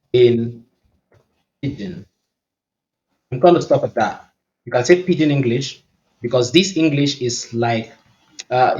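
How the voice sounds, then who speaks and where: A chatty, upbeat man with a Nigerian accent walks viewers through a screen-recorded tech demo and thinks aloud as he goes. His voice sits at an ordinary middle pitch. The recording is dull and a little lo-fi. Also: a little mellow. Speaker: tech YouTuber. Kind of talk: casual screen-recording tutorial.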